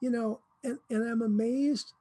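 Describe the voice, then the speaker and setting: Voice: medium pitch, fairly even intonation, unhurried, warm tone, breathy edge, dry recording. A Bible teacher talking through scripture in an informal, conversational way, slipping into quoted voices with humor.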